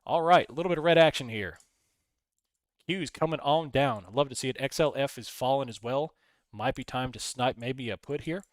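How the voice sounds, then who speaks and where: A man's voice: mid-range voice, moderate pace, dry recording. A man hosting a casual live stream, rambling, reading chat messages aloud and talking through his trades. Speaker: livestream host.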